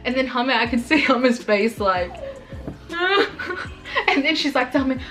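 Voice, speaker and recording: A woman's voice: high voice, lively intonation, takes it slowly, long pauses, over music, rough recording. A young woman vlogger telling a personal story in a casual sit-down chat. She rambles and fills her talk with "like.". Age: young adult. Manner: chatty and rambling, full of "like".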